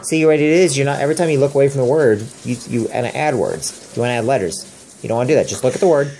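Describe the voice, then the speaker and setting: A man's voice: mid-range voice, fast, mellow, slight background noise. A man, the father, patiently coaching his young daughter through reading words at home, sounding out letters and encouraging her again and again. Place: family home.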